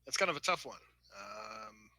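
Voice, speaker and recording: Give me a measured, bright-toned man voicing an officer in role-play, dry recording. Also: on the low side, expressive, dry recording, rough recording. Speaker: player voicing a starship officer.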